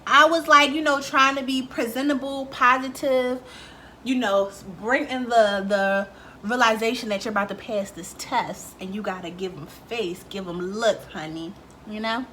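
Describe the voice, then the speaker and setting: A young woman vlogging casually, telling a story in a chatty, animated way, swearing freely and acting out what people said. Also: fairly high pitch, moderate pace, slight background noise. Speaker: beauty vlogger.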